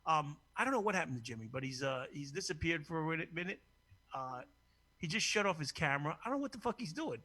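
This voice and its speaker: Man, crude casual chat host, bright forceful tone, husky, rather high-pitched. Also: very animated, quick pace. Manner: brash, profane and joking, laughs often.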